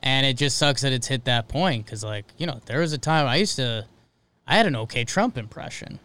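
New guy cohosting a sports podcast, smooth voice, lots of ums and restarts. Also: medium pitch, animated, a little fast, a bit bright. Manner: rambling, hesitant, many fillers and restarts. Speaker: podcast co-host. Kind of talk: casual sports podcast chat.

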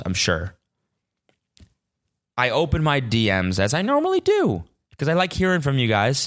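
Young guy podcasting solo, low voice that shoots way up when he gets worked up, swears a lot. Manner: animated, swearing, voice jumping high when indignant. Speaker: podcast host. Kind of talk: casual solo podcast rant.

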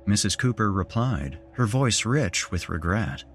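A man's voice: lowish voice, expressive, measured pace, faint music behind. A man narrating a first-person horror story as a podcast host, telling it expressively.

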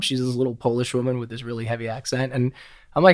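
A man's voice: medium pitch, flat delivery, fast. A middle-aged man as a podcast guest, telling personal stories in a candid, emotional way, swearing freely and often repeating and restarting words. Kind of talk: candid conversational storytelling.

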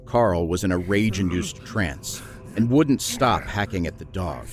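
Man reading a creepy horror story, real deep voice, steady and grim, soft music behind. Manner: low, measured, grim storytelling. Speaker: narrator. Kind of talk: scripted horror story narration.

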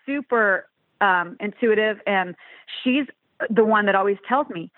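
A woman's voice: medium pitch, measured pace, no room sound. Brief: fifty-something woman musician, casual, rambling restarts, thin phone-line sound, dry. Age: 50s. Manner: warm, rambling, with many restarts. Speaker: touring musician guest. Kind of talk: casual interview chat.

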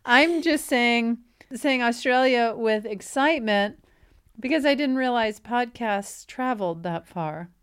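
A woman co-hosting a podcast in casual chat, dry and deadpan. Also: fairly high pitch, a little slow, smooth. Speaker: podcast co-host.

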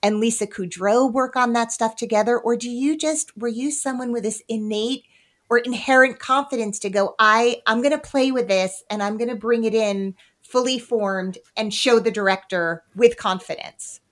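A woman's voice: fairly high pitch, fairly even intonation, moderate pace. A woman hosting an interview, asking long, meandering questions peppered with "like.". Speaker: podcast host. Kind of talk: interview conversation.

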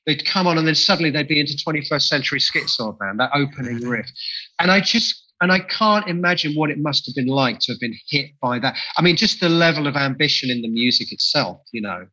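A man's voice: on the high side, animated, a little fast, pushed and bright, poor audio. A man being interviewed as a musician guest, talking with enthusiasm and reflection, often restarting phrases. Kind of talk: podcast interview conversation.

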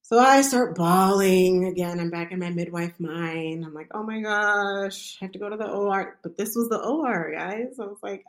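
A woman's voice: medium pitch, normal speed, few pauses. A woman who is a midwife casually telling her own birth story, chatty and full of fillers.

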